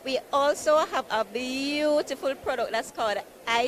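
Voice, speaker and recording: A woman pitches home loans at a conference marketplace booth. Her voice sits a little high and she keeps stressing how easy and convenient it all is. Loud floor noise runs behind her. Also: measured pace. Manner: upbeat, persuasive, repeats easy and convenient. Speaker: building society representative. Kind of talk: sales pitch at an expo booth.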